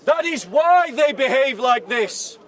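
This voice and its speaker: Man, very high voice, street speaker shouting to a crowd, heard from a distance outdoors. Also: animated, slow pace. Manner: shouts repeated accusing questions to a crowd. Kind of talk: open-air debate speech. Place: outdoor park speaking area. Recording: distant mic, crowd around.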